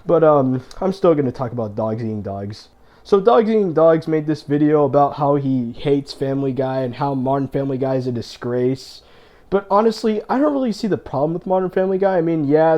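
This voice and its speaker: A man's voice: fairly high pitch, dark tone. Exasperated, cursing male ranter. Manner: exasperated, profane, ranting. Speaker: YouTuber. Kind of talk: rant video.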